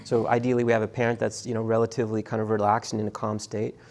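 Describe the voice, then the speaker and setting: A middle-aged man with a low, gravelly voice gives a university lecture. He talks in a halting, conversational way, full of restarts and fillers, and often turns to ask his students questions. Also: little pitch movement, darkish tone.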